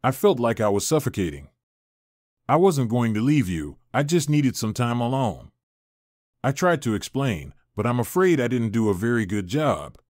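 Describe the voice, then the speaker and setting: A man's voice: medium pitch, big pitch swings, normal speed, a little mellow, no room sound, studio quality, lightly acted. A man reading the lines of a young estranged wife, heated and pleading, in a story reading. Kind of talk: audiobook character reading.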